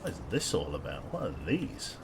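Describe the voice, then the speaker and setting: A man's voice: deep voice, huge pitch swings, moderate pace, creaky, background noise. A man giving dry, sardonic live commentary on his gameplay and chatting with viewers, swearing casually along the way. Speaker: game streamer.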